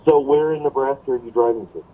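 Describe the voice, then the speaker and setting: A man's voice: medium pitch, steady tone, quick pace. A man calling in to a talk show, chatting casually with wry asides. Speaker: caller. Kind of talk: casual phone chat. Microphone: phone call. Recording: tinny distant phone line.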